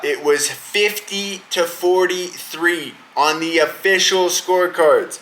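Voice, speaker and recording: A man's voice: fairly high pitch, measured pace, hardly any pauses, pushed and bright, low-quality recording. A young man hosting a podcast, ranting about fights in a heated, profane, casual way. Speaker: podcast host. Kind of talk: casual profane sports rant.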